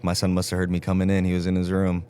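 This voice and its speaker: A man's voice: sits low, monotone, rapid-fire, a little mellow, clean tone. A man hosting a podcast, speaking in a laid-back, agreeable way and swearing casually. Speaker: podcast host, father. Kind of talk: casual conversation.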